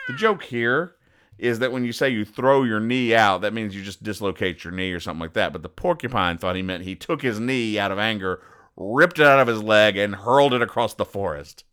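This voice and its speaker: Guy with a deep smooth voice, deadpan and sarcastic, riffing on comic strips. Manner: dry sarcastic, acts out characters' lines in quick voices. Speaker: comedy podcast host.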